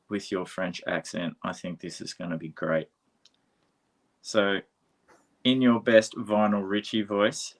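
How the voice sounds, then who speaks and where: A man hosting a casual interview, chatty and quick to laugh. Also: lowish voice. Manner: chatty, laughs often, animated asides. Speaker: host. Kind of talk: casual video-call interview.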